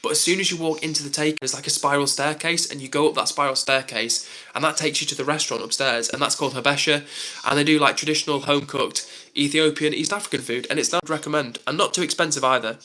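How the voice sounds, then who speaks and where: A man's voice: fairly high pitch, steady tone, fast, pushed and bright. A young man on a live stream, chatting casually and reading out comments with lots of "like" and "um".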